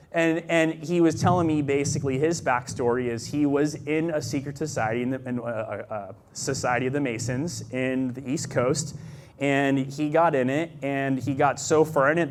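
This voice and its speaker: Young man, casual storytelling, animated, lots of "like", faint hiss behind. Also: on the high side. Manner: animated, acts out quoted voices, many fillers. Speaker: storyteller sharing a personal testimony. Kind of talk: casual testimony.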